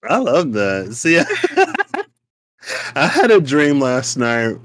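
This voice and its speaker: A man co-hosting a casual spiritual chat, animated and playful, laughing often as he talks. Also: on the high side, extremely slow, no room sound. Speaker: podcast co-host.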